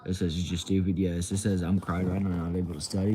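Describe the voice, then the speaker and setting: Deep, mellow-voiced young man streaming. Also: little pitch movement, fast. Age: young adult. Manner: laid-back, drawling, says bro and y'all. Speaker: livestream host. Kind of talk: casual livestream chat reading comments. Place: at home indoors. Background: faint TV sound from another room.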